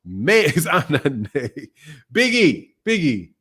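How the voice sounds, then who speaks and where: Male live-stream host; loud, brash, profane delivery with frequent laughter; voice sits somewhat high. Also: wildly swooping pitch, takes it slowly, breathy edge. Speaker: boxing channel host. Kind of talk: casual live-stream rant.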